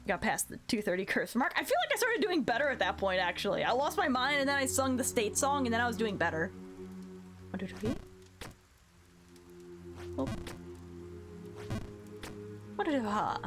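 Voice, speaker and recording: A woman live-streaming a game, counting her jumps out loud, yelping when she falls and joking with her chat. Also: on the high side, big pitch swings, moderate pace, pauses often. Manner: counts aloud while playing, yelps at failures; self-mocking, playful chatter with chat. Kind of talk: live gameplay commentary. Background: background music.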